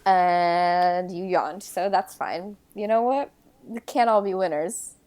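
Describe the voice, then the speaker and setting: A woman co-hosting a casual movie podcast, with a dry, deadpan delivery. She backs up her partner with steady agreement and mocks the film's cheap effects. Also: on the low side, slow. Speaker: podcast co-host. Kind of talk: casual movie-recap chat.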